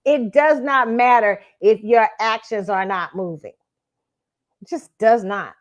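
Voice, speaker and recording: A woman hosting her own talk show shares blunt dating opinions and tells a story, swearing often and restarting her sentences. Her voice is a little high and measured in pace, and the audio sounds dull.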